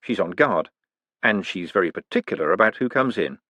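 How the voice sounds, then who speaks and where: A man's voice: deep voice, lively intonation, brisk, pushed and bright, dry recording, pitched below the performer's own voice, full character voice. A man voicing a prim, precise male bank clerk who speaks stiffly and formally.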